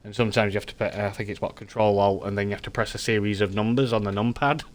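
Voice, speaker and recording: A man's voice: on the low side, fairly even intonation, very fast. A man streaming a game live, chatting with viewers in a rambling, thinking-aloud way and muttering to himself as he works. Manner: mutters quietly to himself during tasks. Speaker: streamer playing a mechanic game.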